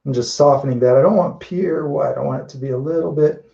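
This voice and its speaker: Mellow man talking through a live painting. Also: mid-range voice, fairly quick, vocal fry, lo-fi sound. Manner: relaxed, thinking aloud while painting, many restarts and "you know". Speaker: painting instructor. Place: indoors at a painting wall.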